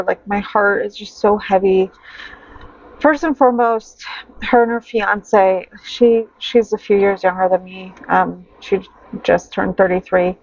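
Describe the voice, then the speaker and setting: A tired, sad woman in her thirties chatting to camera at her home desk, rambling and halting with sighs and fillers. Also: mid-range voice. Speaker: budgeting vlogger. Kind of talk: casual chat to camera. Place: home desk in loft bedroom. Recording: dull lo-fi home recording.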